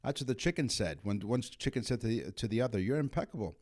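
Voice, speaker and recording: A man's voice: mid-range voice, expressive, quick pace, a crowd in the background. Punning man reading trivia. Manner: jokey, punning, reads facts aloud. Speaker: podcast co-host. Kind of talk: casual chat.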